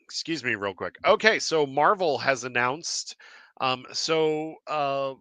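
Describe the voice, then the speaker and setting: A man's voice: medium pitch, expressive, slow, pushed and bright, no room sound. Laughing, upbeat male comics podcaster. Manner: enthusiastic, laughs often, many fillers and restarts. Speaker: podcast host. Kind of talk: casual live-stream chat.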